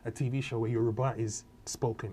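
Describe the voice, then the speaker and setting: A man's voice: mid-range voice, fairly quick, slight background noise. A man, a comedian, talking casually in an interview and acting out quotes as he tells stories. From Nigeria and Britain. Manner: animated storyteller, acts out quotes. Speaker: comedian guest.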